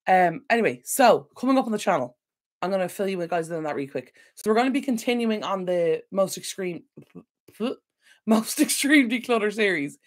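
A woman's voice: medium pitch, expressive, normal speed. A woman hosting a casual home livestream Q&A, rambling and apologetic, easily sidetracked while recovering from illness. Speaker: decluttering channel host. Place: home room at a computer. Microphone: desk microphone.

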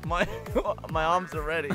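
A man's voice: on the high side, steady tone, unhurried, over music. A man playing a video game with a friend, giggling helplessly and breathless with laughter. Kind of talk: giggly gaming banter.

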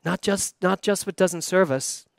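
An older man preaches a sermon and tells a story from his own life, acting out the voices of the people in it. His voice sits a little high, and the recording is dry and close. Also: unhurried, vocal fry, dry recording. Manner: animated storyteller, acts out quotes. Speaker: pastor.

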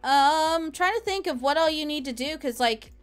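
A woman's voice: sits high, expressive, normal speed, soft background music. A woman live streamer chatting casually from home while she plays a game, rambling as she answers viewers' messages.

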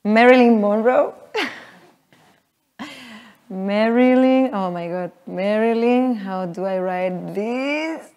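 A woman teaching a voice workshop to a live group, explaining in a halting way with many fillers. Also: mid-range voice, darkish tone, muffled recording. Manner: halting, filler-heavy explaining, with frequent laughs. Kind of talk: live teaching talk with sung demonstrations. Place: workshop room with an audience.

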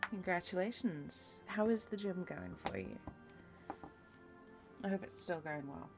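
A young woman with a deep voice chats casually with her live viewers while she paints, and she sounds tired and worn out. She reads their messages aloud and cheers them on. Soft music plays quietly in the background. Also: big pitch swings, measured pace. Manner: reads out chat and answers with encouragement. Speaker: livestreamer.

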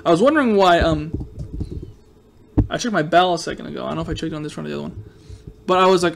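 A man's voice: on the high side, fast talker, creaky, pauses often, a little hiss or hum. A man hosting a Minecraft let's-play, giving casual, jokey, rambling commentary with playful sarcasm.

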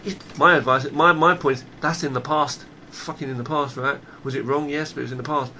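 A man's voice: a little high, steady tone, fairly quick, pushed and bright, a little hiss or hum. A man talking straight to camera in a blunt, emphatic monologue, swearing freely and often restarting his phrases. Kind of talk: unscripted monologue.

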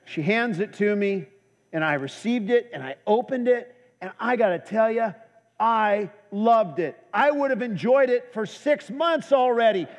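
A man's voice: high voice, a little slow. A male pastor preaching a sermon, telling a humorous story before turning earnest. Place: church. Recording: echoey church hall.

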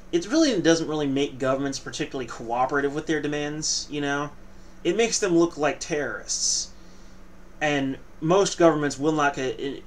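A man's voice: on the high side, a little hiss or hum. A man hosting a casual news commentary vlog, reading articles aloud and adding joking, playfully boastful asides.

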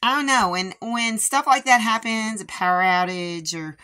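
Hoarse chatty woman vlogger. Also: on the high side, normal speed, pushed and bright. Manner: chatty, rambling with many fillers. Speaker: homestead vlogger. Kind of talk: casual chat.

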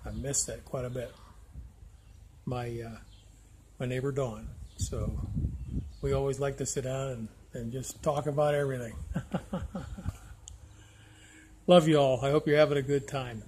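An older man talking in a halting, heartfelt way as he films himself on a phone outdoors by a lake. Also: mid-range voice, steady tone, darkish tone, slight background noise. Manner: halting, restarts often, heartfelt. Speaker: vlogger. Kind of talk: casual video diary. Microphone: handheld phone camera.

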